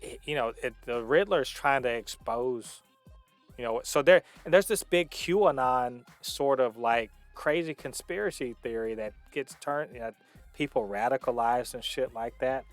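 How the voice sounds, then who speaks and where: Male co-host, emphatic explainer, mid-pitched, dry close mic. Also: normal speed, dry recording, faint music behind. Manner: emphatic, explains with many restarts. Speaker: podcast co-host. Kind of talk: casual movie review chat.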